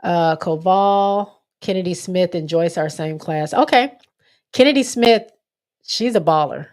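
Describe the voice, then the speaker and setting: This is a young woman with a slightly low-pitched voice. She hosts a relaxed sports livestream in a loose, chatty way, reading viewer comments aloud and correcting herself as she goes. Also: unhurried. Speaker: livestream host. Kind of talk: casual sports chat livestream.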